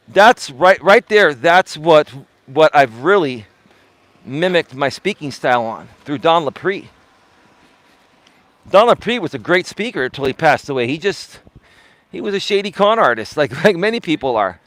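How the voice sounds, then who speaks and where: A man's voice: expressive, a little slow, pauses often, a bit bright, no room sound. Emphatic middle-aged man, life coach. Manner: emphatic, swinging highs and lows. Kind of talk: live-stream talk.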